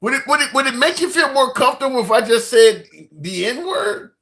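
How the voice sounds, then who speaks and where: A man hosting a live debate show, calmly asking pointed questions. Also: extremely high pitch, a little fast. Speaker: host.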